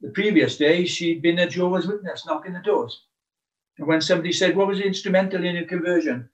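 A man's voice: sits high, fairly quick. A man preaching a sermon earnestly, stressing his questions with mounting emphasis. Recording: muffled, from far off the mic.

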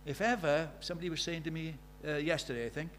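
A man preaching a sermon, animated and rhetorical, asking the congregation questions and acting out the voices he quotes. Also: a little high, quick pace, a little hiss or hum.

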